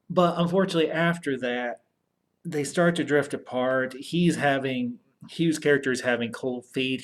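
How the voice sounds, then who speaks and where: Man, casual movie recap, rambling, loose filler phrases, mid pitch. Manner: rambling, repeats "and everything", restarts. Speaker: movie podcast host.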